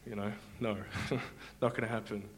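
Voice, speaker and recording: A man tells his personal story in front of a church congregation, speaking into a stage microphone. He talks haltingly, with plenty of fillers and restarts. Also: lowish voice, flat delivery, a bit bright. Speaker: guest giving a testimony.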